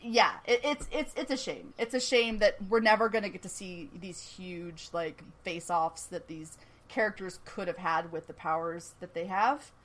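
A woman co-hosting a podcast in casual chat, animated, laughing often and swearing casually. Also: lowish voice, moderate pace. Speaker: podcast co-host. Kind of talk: casual chat recapping a TV episode.

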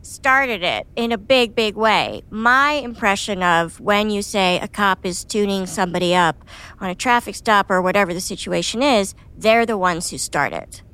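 Frank, expressive woman host chatting. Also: medium pitch, normal speed, clean tone. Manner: frank, expressive, swears when annoyed. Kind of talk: casual conversational chat.

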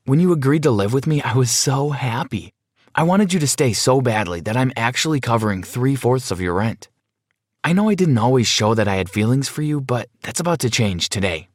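A man's voice: mid-range voice, expressive, a little fast, dry recording, clean studio sound, close to an everyday voice. A man voicing a lovesick, clingy young woman roommate who speaks in a pleading, emotional way. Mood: confessing.

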